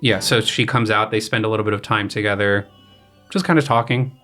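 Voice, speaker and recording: Soft music underlies this fairly quick, low-leaning voice of a young man, a grad student composer. He explains his opera in a casual podcast chat, relaxed, with frequent fillers and paraphrased quotes.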